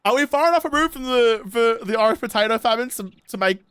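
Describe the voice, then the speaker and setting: A young Australian man streams a game and riffs with his chat, swearing freely and rambling sarcastically. His voice sits high for a man, and the sound is close and dry with no room around it. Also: expressive, quick pace, a bit bright, clear, resonant tone, no echo. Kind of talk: casual gameplay livestream chat.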